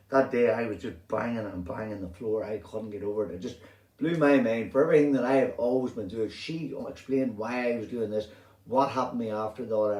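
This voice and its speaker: Man, Northern Irish accent, middle-aged, animated rambling storytelling, curses freely, low mellow voice, roomy distant recording. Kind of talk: casual personal storytelling. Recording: roomy sound, distant from mic.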